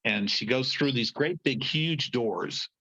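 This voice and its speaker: Man telling a lively story, muffled sound. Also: medium pitch, takes it slowly, vocal fry. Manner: lively anecdote-teller, acting out the people he quotes. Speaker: podcast guest. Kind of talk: storytelling in a conversation.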